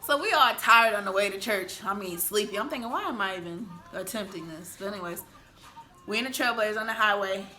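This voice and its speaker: A young woman casually telling a dramatic personal story, animated and acting out voices and sounds. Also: medium pitch, fairly quick. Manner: animated, acts out voices and sounds, laughs often. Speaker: guest telling her story.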